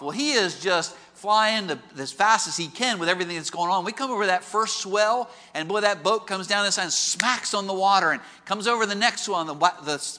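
Male preacher, sermon, animated storyteller, ringing tone with long hall echo. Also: high voice. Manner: animated storytelling with rhetorical questions. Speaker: pastor. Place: large auditorium.

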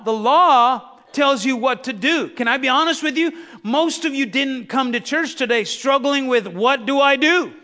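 A man preaching a sermon as pastor, building to shouts and calling on the congregation to answer back. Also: very high-pitched. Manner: preaching with rising shouts and call-and-response. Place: church sanctuary. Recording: long reverb of a church hall.

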